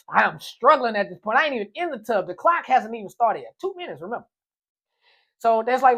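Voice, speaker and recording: A man telling a comic personal story in a story time vlog, animated and playful. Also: very high voice, a little fast, gravelly, husky.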